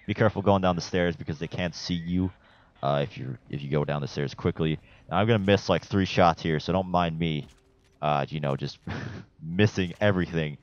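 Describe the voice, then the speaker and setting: Young guy, very low bass voice, casual game walkthrough commentary, chatty and profane, muffled lo-fi mic. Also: fairly quick. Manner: laid-back and chatty, swears casually, rambles with fillers. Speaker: gameplay guide narrator.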